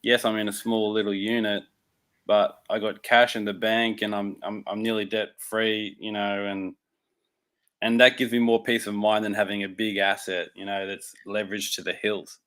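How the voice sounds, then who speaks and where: A man in casual livestream chat, measured and cautious, who murmurs agreement often. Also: on the low side, level tone, a bit bright, clear, resonant tone.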